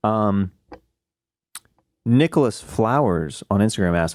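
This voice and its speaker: A man's voice: lowish voice, very animated, normal speed, darkish tone, no echo, clean studio sound. A man hosting a podcast in casual chat, easygoing as he introduces segments. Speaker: podcast host.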